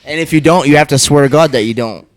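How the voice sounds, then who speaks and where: Laughing co-host, dry mic. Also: male voice, on the high side, fast, no room sound. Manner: laughing, swears, joking. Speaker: podcast co-host. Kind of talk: casual banter.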